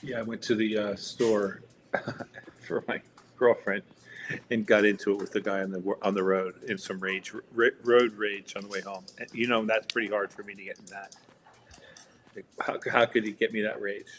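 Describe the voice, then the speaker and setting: Profane rambling storyteller, low-voiced man. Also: little pitch movement, normal speed, a bit bright, slight background noise. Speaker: day trading streamer. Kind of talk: casual live-stream chat.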